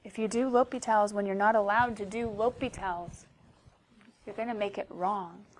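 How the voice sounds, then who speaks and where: A woman's voice: medium pitch, steady tone, normal speed. A woman teaching a math class, chatty and playful, often talking to herself as she works through problems. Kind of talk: classroom lecture. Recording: faint background noise.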